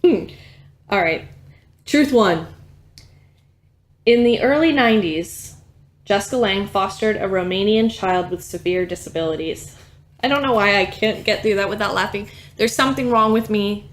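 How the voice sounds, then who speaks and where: A woman's voice: medium pitch, moderate pace, long pauses. Chatty woman podcast co-host. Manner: chatty, laughs often, swearing. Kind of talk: casual chat.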